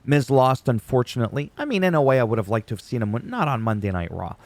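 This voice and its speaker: A man's voice: mid-range voice, expressive, quick pace, dry recording. A man recapping a wrestling show in casual commentary, rambling off on tangents and swearing casually.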